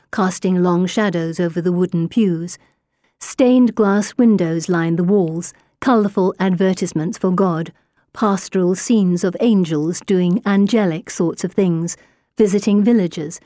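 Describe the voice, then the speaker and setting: Female audiobook narrator, warm low-ish voice, steady and wry, dry booth sound. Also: no echo. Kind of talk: first-person audiobook narration.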